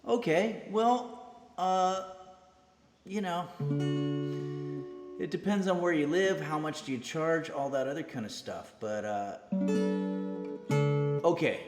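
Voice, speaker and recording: A man hosting a cooking stream, chatting casually and hesitantly to viewers with many pauses and fillers. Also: a little high, roomy sound, long reverb tail, soft background music. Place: home kitchen streaming setup.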